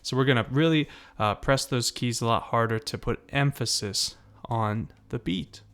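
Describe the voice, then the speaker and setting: A patient, encouraging man leads a beginner piano lesson, counting beats and naming keys slowly. His voice sits at an ordinary middle pitch, and soft piano notes sound behind him. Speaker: piano teacher.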